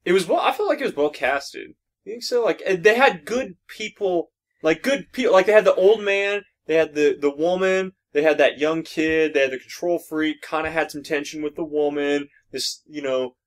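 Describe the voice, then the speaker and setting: A man's voice: a little high, moderate pace. A young man co-hosting a podcast, rambling and restarting his thoughts while talking about a film. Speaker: podcast co-host. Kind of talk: casual movie review chat.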